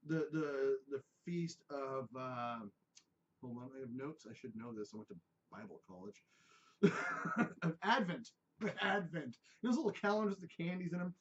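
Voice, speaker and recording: A bright, forward-sounding man hosts a podcast in loose, joking chat, dropping the odd curse word and wandering away from the topic. His voice sits a touch high for a man. The recording is dull and lo-fi. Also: expressive, normal speed. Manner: joking, profane, drifts off topic. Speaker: podcast host. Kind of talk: casual chat.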